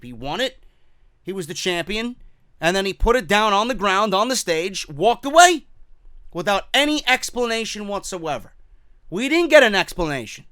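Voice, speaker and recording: A man's voice: sits high, a bit bright, clean tone, dry recording, clean studio sound. A man hosting a wrestling opinion show, ranting heatedly and profanely, often repeating himself. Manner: mocking quoted voices. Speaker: wrestling commentary host.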